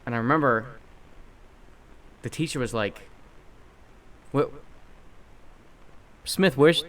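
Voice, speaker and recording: A young man co-hosting a podcast, telling a story in casual chat, animated and swearing, acting out quotes loudly. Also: medium pitch, a little slow. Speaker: podcast co-host.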